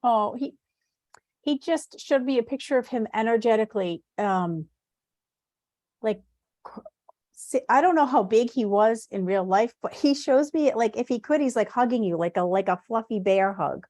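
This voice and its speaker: A woman's voice: on the high side, normal speed, darkish tone, no room sound, clean studio sound. A woman giving an animal communication reading, rambling and hesitant with many restarts. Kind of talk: live online reading.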